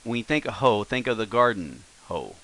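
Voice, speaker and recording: A man's voice: fairly low pitch, sing-song, normal speed, a bit bright, poor audio. A man teaching a casual recorded lesson, explaining in a rambling way with many fillers and self-corrections.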